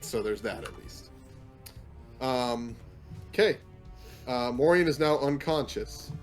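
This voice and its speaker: A man narrating as game master of a tabletop game, relaxed and often laughing as he rules on rolls. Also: medium pitch, slow, faint music behind.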